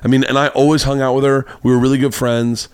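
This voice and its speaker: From a home studio, a man hosting a podcast tells a long, rambling anecdote in casual chat, acting out the quoted lines. His mid-range voice is level and clean in tone, delivered fast, and the recording is dry.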